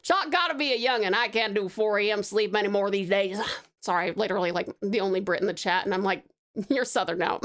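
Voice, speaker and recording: A woman's voice: mid-range voice, a little fast, fairly bright tone. A woman with an Australian accent, chatting casually with her stream chat while she draws, playful and laughing often.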